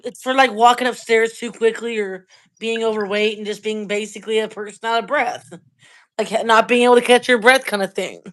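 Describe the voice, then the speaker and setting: A woman talks loosely on a live stream from her phone, her voice sitting a bit high. She is relaxed, swears freely and lets her sentences drift off quietly. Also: brisk, rough recording. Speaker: livestream co-host. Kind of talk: casual chat. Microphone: phone on a live video call.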